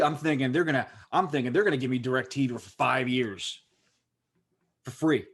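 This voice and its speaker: Pittsburgh man, podcast co-host, animated rambling storyteller, middle-pitched voice. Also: normal speed, slightly rough. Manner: rambling, animated, lots of "like" fillers. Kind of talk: casual storytelling chat.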